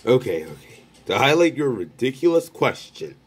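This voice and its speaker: A man's voice: medium pitch, very animated, moderate pace, husky, soft background music. A man making an unscripted comedy skit, bickering back and forth as though several people share the table. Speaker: creator of an improvised comedy skit.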